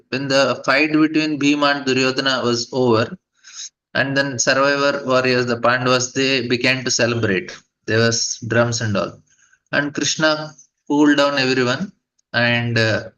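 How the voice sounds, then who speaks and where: A man teaching a scripture class and retelling a story, with halting speech, fillers and restarts. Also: mid-range voice, a bit bright. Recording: dull lo-fi recording.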